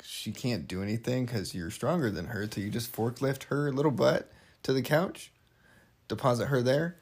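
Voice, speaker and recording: A man's voice: medium pitch, moderate pace, darkish tone, slightly rough. A young man chatting casually as a podcast guest about married life, rambling and joking, with lots of fillers. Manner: rambling, jokey, filler-heavy. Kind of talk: casual conversation.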